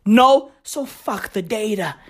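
A woman hosting a comedy podcast, ranting loudly with constant swearing and bursts of laughter. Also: medium pitch, animated, slow pace, husky. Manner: profane, rowdy, loud and laughing. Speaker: podcast host.

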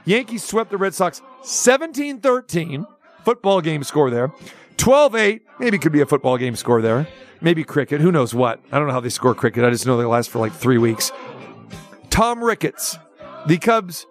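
A man hosting a sports talk radio show, ranting with sarcasm and animated energy. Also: on the high side, moderate pace, soft background music.

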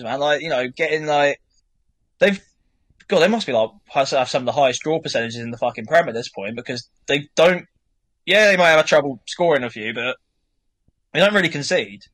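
A man's voice: medium pitch, pushed and bright, no room sound. Casual rambling man. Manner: rambling, swears freely. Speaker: podcast co-host. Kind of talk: casual football chat.

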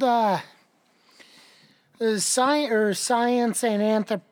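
A man who rides rodeo, guesting on a podcast, with a voice that sits high for a man. He reels off his broken bones in a dry, matter-of-fact way, with a wry edge. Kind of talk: casual podcast chat.

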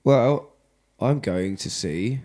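A man's voice: mid-range voice, takes it slowly, mellow. A man co-hosting a podcast, chatting casually in a rambling, jokey way with some swearing. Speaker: podcast co-host. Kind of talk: casual chat.

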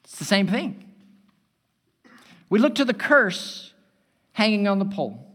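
A man preaching a sermon as pastor, building loud and emphatic and then dropping to a hushed tone. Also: high voice, very animated, measured pace, husky. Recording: long hall reverb.

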